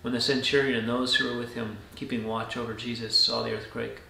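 A pastor reading a scripture passage aloud and then reflecting on it in a measured devotional talk, often dropping to a soft, low voice. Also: male voice, flat delivery, vocal fry, echoey room, slight background noise.

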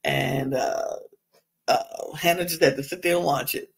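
A woman's voice: low voice, fairly even intonation, unhurried, vocal fry, husky. A woman hosting a podcast, giving a casual gossipy recap of a reality show, chatty and laughing often. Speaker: podcast host.

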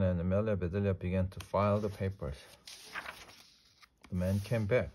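A man reading a children's storybook aloud slowly and deliberately, with small slips. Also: deep voice, fairly even intonation, darkish tone. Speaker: storybook reader. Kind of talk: read-aloud storybook narration.

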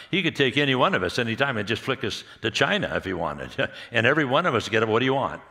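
A man preaching at a marriage conference, telling stories in a rambling, halting way and often laughing. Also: mid-range voice, big pitch swings, gravelly, sharp tone, long reverb tail. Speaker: pastor speaking at a marriage conference. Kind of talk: conversational sermon with storytelling. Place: church hall.

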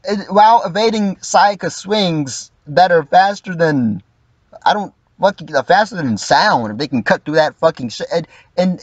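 A man's voice: high-pitched, no room sound, highs cut off. A man giving casual, profane livestream commentary, acting out quoted lines in mock voices.

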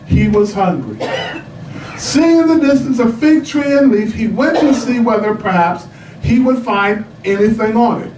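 A man with a very high, bright voice preaches, swinging from calm storytelling into laughing shouts. He sounds distant from the mic in an echoey church, with faint noise behind him. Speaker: pastor. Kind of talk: sermon.

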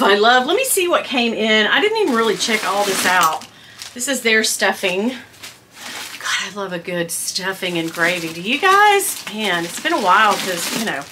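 A woman chatting casually to camera at home, gushing and squealing with excitement as she unboxes a handbag. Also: mid-range voice, a little hiss or hum.

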